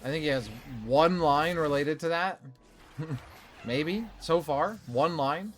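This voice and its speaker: Slow and a little high, a man's voice streams a video game in casual let's play commentary. He chats, laughs and critiques it offhandedly.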